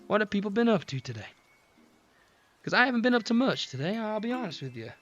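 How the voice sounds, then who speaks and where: A man's voice: high-pitched, big pitch swings, fast, a bit bright, dull audio. A young man streaming, chatting in a casual, upbeat way with his viewers. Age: young adult. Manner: chatty and upbeat, talks to chat. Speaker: art streamer. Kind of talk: casual livestream chat.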